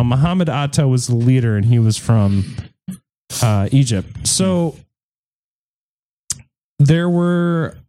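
A man's voice: medium pitch, mellow. A man hosting a podcast, telling a story in a rambling, irreverent, joking way during a casual chat with friends. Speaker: podcast host.

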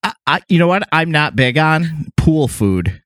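Goofy podcast co-host, dry sound. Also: male voice, fairly high pitch, very animated, a little slow, a bit bright, no echo. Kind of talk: casual comedic podcast chat.

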